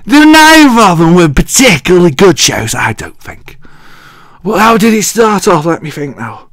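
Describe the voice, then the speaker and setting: A man's voice: high-pitched, big pitch swings, moderate pace, fairly bright tone, no echo, clean studio sound. An English man hosting a wrestling show, recapping in a cheeky, rambling way and often losing his place as he thinks aloud. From England.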